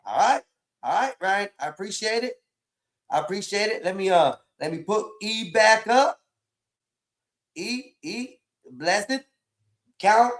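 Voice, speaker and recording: High-voiced preachy livestream host. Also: male voice, lively intonation, slow, pauses often. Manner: preachy, scolding, emphatic with repeated words. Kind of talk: casual livestream talk.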